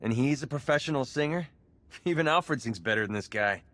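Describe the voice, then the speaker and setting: An actor playing a cocky young male sidekick in a video game, brisk and quippy. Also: mid-range voice, animated, background noise, close to an everyday voice. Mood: wisecracking.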